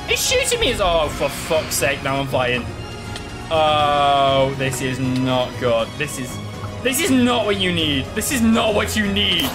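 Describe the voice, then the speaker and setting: A young man commentating his own video game play, excitable, swearing and shouting when surprised. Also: fairly high pitch, unhurried, music in the background. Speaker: gaming channel host.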